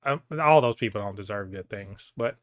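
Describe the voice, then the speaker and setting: A man's voice: fairly low pitch, normal speed, fairly bright tone. A man co-hosting a podcast, ranting in a heated, profane way in casual chat. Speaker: podcast co-host.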